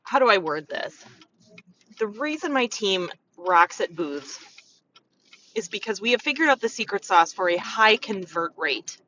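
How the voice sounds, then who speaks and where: A woman vlogging casual, frank business advice as a beauty consultant, talking chattily and acting out customers in quick asides. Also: mid-range voice, sing-song, sharp tone, recorded from a distance, muffled recording, slight background noise. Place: in a car on the way to set up.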